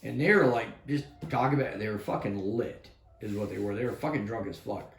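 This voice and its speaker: A man's voice: lowish voice, fairly quick, creaky, faint music behind. A man in his fifties, an army veteran, telling war stories in a casual, rambling way, swearing heavily and acting out what people said. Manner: profane, rambling, acts out quotes loudly. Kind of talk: casual storytelling chat. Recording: roomy echo.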